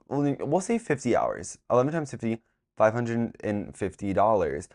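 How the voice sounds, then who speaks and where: A tired young man hosting a casual vlog, chatty and dramatic, swinging between drained sighs and excited squeals. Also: lowish voice, moderate pace. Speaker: vlog host.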